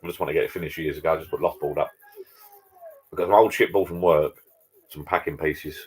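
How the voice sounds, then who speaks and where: A man's voice: very deep voice, steady tone, fast, slightly rough. A man hosting a casual live chat from his garden bar. He rambles and greets viewers by name. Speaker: live stream host. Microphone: laptop.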